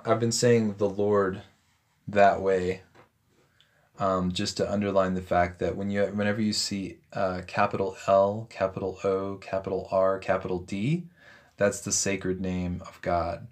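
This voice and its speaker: A man reading a Bible passage aloud and stopping to explain it in a relaxed, conversational way, with frequent ums and self-corrections. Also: fairly low pitch. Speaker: Bible teacher. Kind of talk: scripture reading with commentary.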